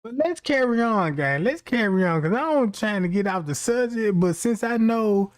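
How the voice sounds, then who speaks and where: A man's voice: sits high, expressive, moderate pace. A man hosting a stream, ranting casually and cracking profane jokes, rambling and slipping into quoted voices. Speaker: streamer host. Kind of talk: casual comedic rant.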